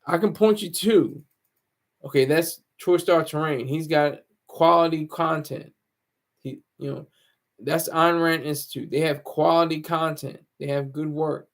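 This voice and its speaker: A man with a raised, gravelly voice talks loosely to his viewers. He rambles and jokes at his own expense, with plenty of false starts as he circles his point. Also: on the high side, steady tone, measured pace. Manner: rambling, self-mocking, many restarts. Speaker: YouTuber. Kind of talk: casual rambling monologue.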